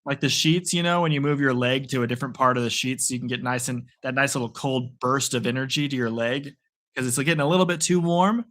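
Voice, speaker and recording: A man's voice: medium pitch, steady tone, quick pace, a bit bright. A man hosting a live play-by-play reaction stream, playful and rambling between calls. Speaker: sports stream host.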